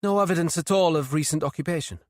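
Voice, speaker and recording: A man's voice: fairly high pitch, fast talker, dry recording, studio quality, pitched above the performer's own voice, natural voice. A man reading an audiobook, voicing a composed senior female detective inspector. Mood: curious.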